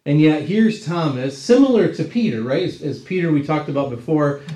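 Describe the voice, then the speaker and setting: A man's voice: on the high side, expressive, normal speed, mellow. Man teaching a Bible class, roomy echo. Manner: conversational, checks in with 'right?' tags.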